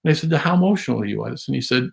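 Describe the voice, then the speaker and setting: Gravelly man telling a rambling story. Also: mid-range voice, racing. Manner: rambling, animated anecdote with repeated restarts. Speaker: guest drum historian. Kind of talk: casual storytelling interview.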